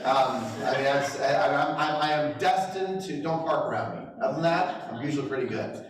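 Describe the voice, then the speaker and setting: A man's voice: fairly high pitch, brisk, a crowd in the background. A middle-aged man giving a motivational talk as a real estate trainer, telling stories with self-deprecating humor and chuckles. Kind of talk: motivational storytelling speech. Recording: echoey hall, distant mic.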